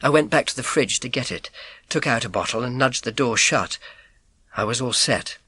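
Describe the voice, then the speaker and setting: A man narrating a children's audiobook in first person, with an expressive, suspenseful telling. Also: medium pitch, moderate pace, husky.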